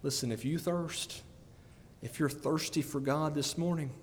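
A man preaching a sermon, animated and often breaking into laughter between emphatic peaks. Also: on the high side, measured pace, a little hiss or hum. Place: church sanctuary. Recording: long church reverb.

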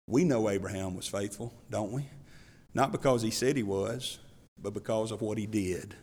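A man's voice: on the low side, moderate pace, a little mellow. A male pastor preaching a sermon in a folksy, conversational way, telling Bible stories and reading scripture aloud. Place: church. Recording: reverberant church hall.

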